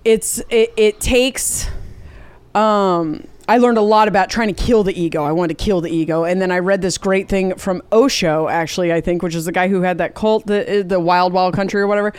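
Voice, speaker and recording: Smooth-voiced woman explaining earnestly. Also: fairly low pitch, fairly even intonation, brisk, few pauses, dry recording. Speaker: guest, comedian. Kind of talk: casual chat.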